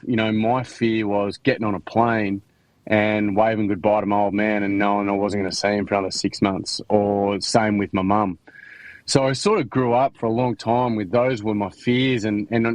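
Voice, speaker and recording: A Queensland man with an Australian accent tells his life story as a podcast guest in candid interview style, frank and slangy, full of restarts and fillers. His voice is on the low side, with a steady tone and normal speed. The audio is poor, though there's no echo.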